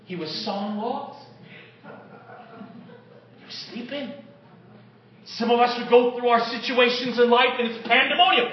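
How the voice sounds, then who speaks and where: A male pastor preaching a sermon in a church sanctuary, impassioned and shouting at times, with joking conversational asides. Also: very high-pitched, unhurried, pauses often, distant mic. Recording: echoey, dull room sound.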